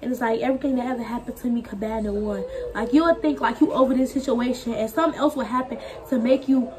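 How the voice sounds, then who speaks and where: Young woman vlogger, candid and chatty, high voice. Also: steady tone, quick pace. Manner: candid, talkative, heart-to-heart. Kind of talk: casual chat.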